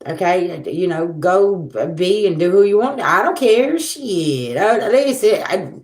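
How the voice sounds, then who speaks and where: A woman's voice: mid-range voice, animated, a little slow, a little mellow, reverberant. A woman, hosting a casual tarot livestream and talking bluntly to viewers, swearing freely and with sass. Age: 40s. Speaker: tarot reader and livestream host.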